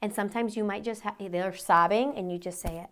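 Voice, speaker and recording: A woman in her thirties is a guest on a conversational podcast. She speaks with animated emphasis, often repeating her key points and readily agreeing with the host. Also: mid-range voice, brisk. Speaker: podcast guest, teacher and mother. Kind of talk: casual conversation.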